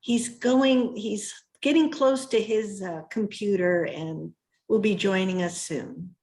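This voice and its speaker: A woman passing on a brief message to colleagues on a video call, brisk and informative. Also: mid-range voice, a little mellow.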